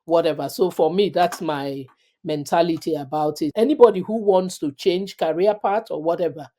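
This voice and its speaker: A middle-aged woman talking earnestly in an interview, reflecting in a measured way and drawing on her faith. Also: fairly low pitch, dark tone. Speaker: guest.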